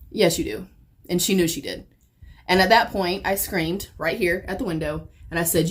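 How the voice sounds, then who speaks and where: A woman talks straight to the camera while getting ready, upset and near tears. Her voice sits at an ordinary middle pitch. She swears constantly and swings between hushed, shaky stretches and sharp loud bursts. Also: lively intonation, moderate pace. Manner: heavy swearing, swings from quiet to sudden loud outbursts. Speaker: beauty vlogger. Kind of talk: emotional get-ready-with-me storytelling.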